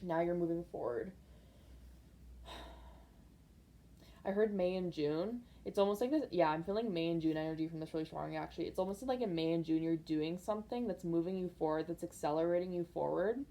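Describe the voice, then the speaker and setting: A woman's voice: fairly low pitch, moderate pace, dark tone. A woman doing a casual pick-a-card tarot reading, rambling and speaking intuitively to viewers with lots of fillers.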